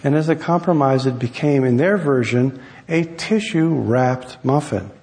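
A man, an author, reading his own essay aloud in a wry, measured storytelling manner. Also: mid-range voice, a little mellow, husky, in a large hall. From United States.

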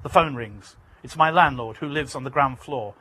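British man reading his memoir, husky. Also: medium pitch, normal speed, pushed and bright, poor audio. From Britain. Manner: vivid, emphatic storytelling. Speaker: author reading his book.

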